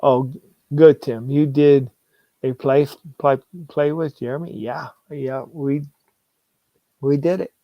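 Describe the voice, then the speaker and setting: Slow-talking man on a dull lo-fi stream. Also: mid-range voice, fairly even intonation, no room sound. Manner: reads viewer comments aloud, laughing often; halting, restarts phrases. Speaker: sports livestream host. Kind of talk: casual livestream chat. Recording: dull lo-fi sound.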